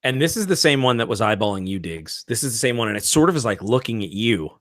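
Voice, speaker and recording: A man's voice: on the low side, big pitch swings, quick pace. A man narrating a tabletop game as game master, in a casual, laughing way.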